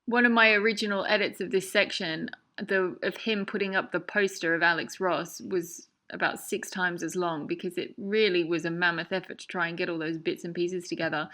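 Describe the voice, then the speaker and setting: Bright-voiced chatty woman filmmaker. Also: fairly low pitch, steady tone, fairly quick. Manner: chatty, laughing, self-deprecating. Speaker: documentary filmmaker. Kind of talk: casual audio commentary.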